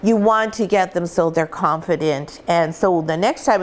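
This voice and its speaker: A woman's voice: lowish voice, moderate pace, hardly any pauses. A middle-aged woman, a dog breeder, casually explaining things in a home vlog, chatty and full of fillers and restarts.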